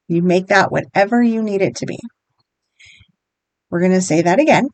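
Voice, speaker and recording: A woman guiding listeners through a tapping exercise, speaking gently and encouragingly, step by step. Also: medium pitch, normal speed, pauses often, smooth, dry recording. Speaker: EFT wellness guide. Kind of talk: guided tapping instruction.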